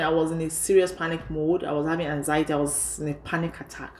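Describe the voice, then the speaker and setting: A woman in her thirties telling a personal story on her vlog in a lively way, often saying "you know". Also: sits low, fast, hardly any pauses, slight background noise. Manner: lively retelling, heavy use of "you know". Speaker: vlogger. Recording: echoey room.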